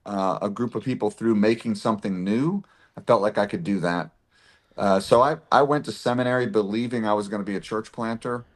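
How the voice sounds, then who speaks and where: A man telling stories from his life in a casual interview, animated and full of restarts. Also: mid-range voice. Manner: animated storyteller, frequent restarts and laughs. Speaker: podcast guest, pastor and actor.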